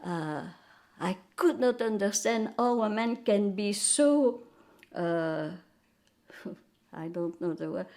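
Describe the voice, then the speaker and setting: Slow, gravelly older Belgian woman. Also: medium pitch, lively intonation, a little mellow. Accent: Belgian French. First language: French. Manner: halting, searches for English words, many restarts. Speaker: interviewee. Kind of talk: recounting wartime memories.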